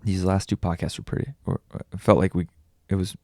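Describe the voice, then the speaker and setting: Fairly even in intonation, this young vlogger and podcaster confides in a deep, gravelly voice that's halting and raw. His dark, mellow tone is recorded close and dry with no echo or room sound, and he swears freely between restarts.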